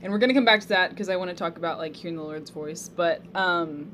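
A young woman hosting a casual faith chat, expressive and quick to react with exclamations. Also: fairly low pitch, a little hiss or hum.

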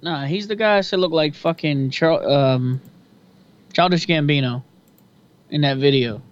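Casual male co-host, higher-pitched, swears freely, dull lo-fi audio. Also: a little slow. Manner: loose, profane, chatty. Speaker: podcast co-host. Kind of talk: casual fight-pick chat. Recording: dull lo-fi sound.

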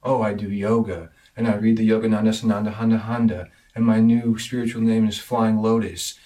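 A man's voice: fairly low pitch, flat delivery, fairly quick, mellow, natural voice. A man voicing a smug, self-righteous male yoga devotee in a sarcastic mocking imitation, on a clip recorded from a distance. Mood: smug, boastful.

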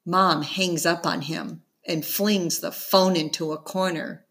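A woman narrating a children's novel in the first person, calm and measured. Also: fairly low pitch. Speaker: audiobook narrator.

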